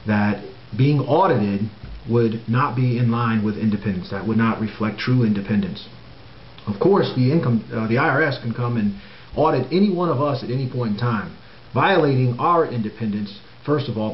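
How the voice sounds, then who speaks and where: A man talking straight to camera in an emphatic monologue, insisting on his points and repeating words for stress. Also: on the low side. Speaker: political commentator. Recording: roomy, dull, faint hiss.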